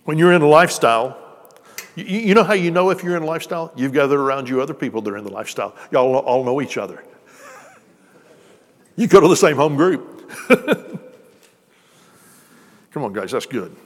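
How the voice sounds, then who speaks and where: A man's voice: mid-range voice, animated, moderate pace, pauses often. Preacher man in a reverberant hall. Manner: conversational, joking with the congregation. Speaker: pastor. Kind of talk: sermon. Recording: long reverb of a church hall.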